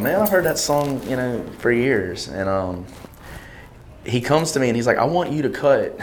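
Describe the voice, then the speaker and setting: Animated man telling stories, laughing. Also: mid-range voice, slight background noise. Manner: lively anecdotes, acts out quoted voices, laughs often. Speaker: singer and bandleader. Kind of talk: animated storytelling in an interview.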